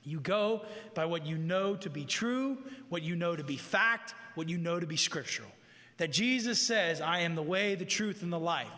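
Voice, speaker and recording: Male preacher, high voice, bright tone, earnest conversational sermon, hall reverb. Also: animated, normal speed. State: living with heart disease, tires easily. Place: room with an audience.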